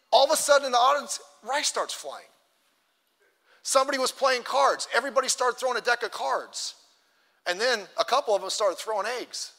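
A man preaching in a church, his voice high-pitched and bright. He tells a story with lively energy, then presses his congregation with repeated questions. The sound hangs in a long hall reverb. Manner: animated storytelling, rising to exhortation. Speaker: pastor. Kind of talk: sermon.

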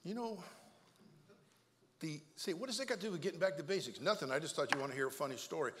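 A male pastor preaching a comic, story-filled sermon to his church, energetic and jokey, repeating himself and acting out voices. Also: a little high, fast, big-room sound, noisy background. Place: church sanctuary.

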